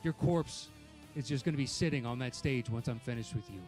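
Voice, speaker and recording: A man's voice: mid-range voice, fairly quick, a little mellow, soft background music. A man cutting a mocking trash-talk promo against his opponent. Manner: mocking, taunting. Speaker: competitor.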